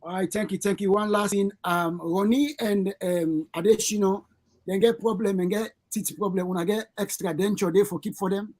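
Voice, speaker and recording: A radio host with a Sierra Leonean Krio accent, asking halting questions full of hesitations. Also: mid-range voice, fairly even intonation, a little mellow. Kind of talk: radio interview.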